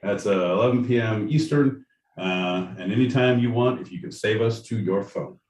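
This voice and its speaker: A man's voice: on the low side, moderate pace, darkish tone. Joking man in an echoey room. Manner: joking, loose, rambling. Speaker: podcast host. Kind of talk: casual live-stream chat. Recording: echoey room, distant mic, faint noise.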